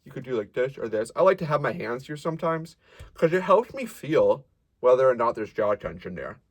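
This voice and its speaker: In a relaxed, supportive singing lesson, a man who teaches voice explains technique and breaks off now and then to demonstrate sounds and sing lines. He has a mid-range voice with a brisk, sing-song delivery.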